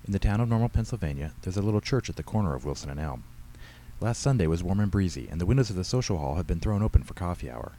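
Deep-voiced man narrating his story. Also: expressive, warm tone, a little hiss or hum, low-quality recording. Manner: measured storytelling. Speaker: author reading his own story. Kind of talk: scripted narration.

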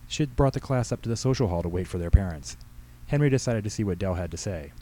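Man reading his story briskly. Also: fairly low pitch, expressive, mellow, poor audio. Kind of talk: storybook narration.

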